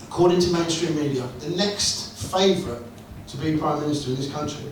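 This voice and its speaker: High-voiced man doing crude stand-up. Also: a little fast. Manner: crude, swearing, wry storytelling. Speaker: stand-up comedian. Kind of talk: stand-up comedy set. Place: comedy club room, indoors. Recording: echoey club room, distant mic, noisy.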